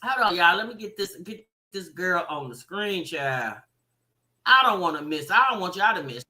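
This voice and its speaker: A woman's voice: lowish voice, lively intonation, normal speed, sharp tone, reverberant. A woman hosting a reaction livestream, chatting and teasing, talking straight to her viewers. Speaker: reaction channel host. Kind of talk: casual livestream commentary.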